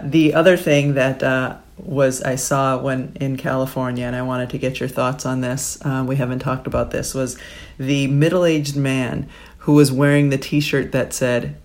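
A woman's voice: extremely low pitch, darkish tone. A woman in her forties, co-hosting a podcast in casual chat, telling rambling stories with many fillers. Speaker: podcast co-host and sports broadcaster.

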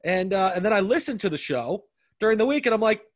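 A man's voice: high voice, sing-song, fast talker, no room sound, clean studio sound. Rambling, stammering male podcast host. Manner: rambling, stammering with many restarts. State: tipsy. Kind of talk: casual podcast chat among friends.

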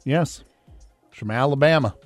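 A man's voice: mid-range voice, normal speed, no echo, soft background music. A man from Iowa co-hosting a radio show, easygoing and self-deprecating in casual banter. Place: radio studio. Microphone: studio mic.

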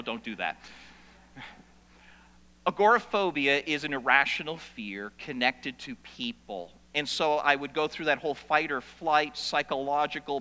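A man preaching a sermon, telling stories that swing from loud to hushed. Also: fairly high pitch. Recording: long reverb of a large hall.

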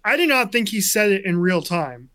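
A man co-hosting a sports talk show, telling a story in a chatty, animated way. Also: sits high, moderate pace. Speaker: sports radio co-host.

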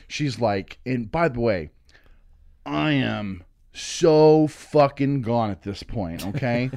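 Man in his thirties, comic storyteller, mid-pitched, dry close mic, swearing and voicing quotes. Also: slow pace, gravelly, no echo. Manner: animated, swearing, acting out quotes. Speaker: comedian guest. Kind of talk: casual storytelling. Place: studio.

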